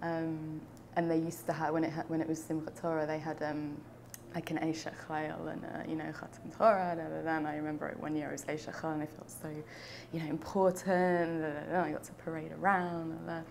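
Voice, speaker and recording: A woman's voice: low voice, flat delivery, fairly quick, vocal fry, a little mellow, slight background noise. A young woman from London, talking reflectively in an oral history interview, with frequent fillers and restarts. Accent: London English. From United Kingdom.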